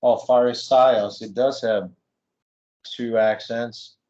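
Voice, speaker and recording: A man's voice: mid-range voice, fairly even intonation, slow, a little mellow, muffled recording. A man in a Greek class, answering in short replies and reading out words. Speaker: student. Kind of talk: class discussion.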